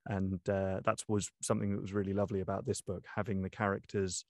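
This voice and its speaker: A young man, an audiobook narrator, talking through his craft in a casual interview, pausing often with ums and restarts. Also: low-pitched, flat delivery, no room sound, clean studio sound. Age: young adult. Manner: thoughtful, many ums and restarts. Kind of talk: interview guest, casual talk.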